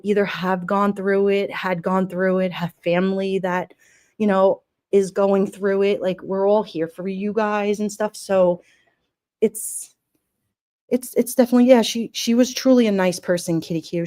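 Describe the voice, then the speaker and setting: A woman hosting a livestream, talking warmly and emotionally in a rambling way and reading chat comments aloud. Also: mid-range voice, fairly even intonation, measured pace. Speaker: livestream host. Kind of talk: casual livestream memorial talk.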